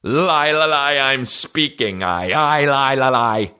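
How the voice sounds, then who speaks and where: A man's voice: medium pitch, slow, pushed and bright, clean tone, voice pushed up. A man putting on a stuttering, posh British king, stalling over repeated syllables in a British accent. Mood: stammering.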